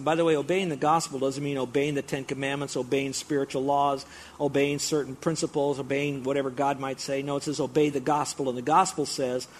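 A man's voice: medium pitch, a little hiss or hum. A middle-aged man preaching a sermon, explaining scripture with emphatic, repeated build-ups. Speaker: pastor.

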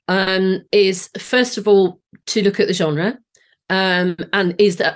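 A woman in her late forties with a Southeast English accent, a singing teacher guest explaining her ideas with enthusiasm and frequent restarts. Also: medium pitch. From Southeast England. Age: 40s. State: voice a bit off today. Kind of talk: podcast interview.

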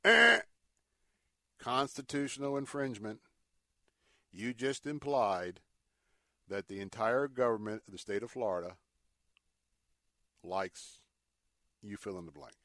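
A man's voice: lowish voice, measured pace, pauses often, no echo, clean studio sound. A man hosting a talk show, giving opinionated commentary in an indignant, emphatic way with sarcastic, folksy asides. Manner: indignant, emphatic, repeats words for effect. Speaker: radio talk show host.

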